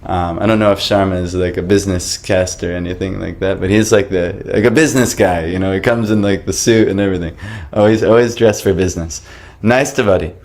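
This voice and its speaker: A man casually telling the story of how he came to his faith, animated and laughing, acting out the voices of people in it. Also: low-pitched, fairly quick. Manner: animated, laughing, acts out quoted voices, many fillers.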